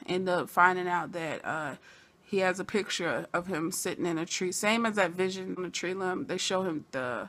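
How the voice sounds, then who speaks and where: A woman giving a chatty, casual recap of a TV episode, full of "you know" asides and sudden bursts of excitement. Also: on the low side. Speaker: TV episode reviewer.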